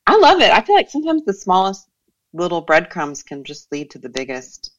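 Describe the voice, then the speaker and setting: A woman's voice: lowish voice, wildly swooping pitch, a little fast, lo-fi sound. A woman hosting a casual podcast chat about spirit and life paths, reflective and full of fillers. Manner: warm, reflective, many fillers.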